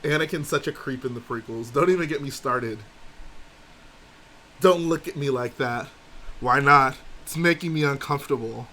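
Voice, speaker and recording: A man's voice: medium pitch, moderate pace, bright, forceful tone, a little hiss or hum. A man hosting a casual live stream, chatting and reading viewer comments aloud and answering them. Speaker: livestream host.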